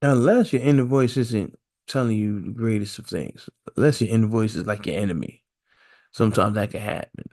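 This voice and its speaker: A lowish, slightly mellow male voice talks a little fast as a man hosts a podcast alone. His aloud musings are casual and repetitive, peppered with a stream of rhetorical questions.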